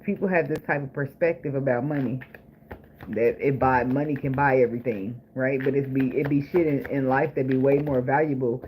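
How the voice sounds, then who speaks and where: Speaking briskly at medium pitch with a steady tone, a man does a laid-back tarot reading, joking, cursing and laughing a lot in his blunt way. The audio is dull and noisy, with clicking.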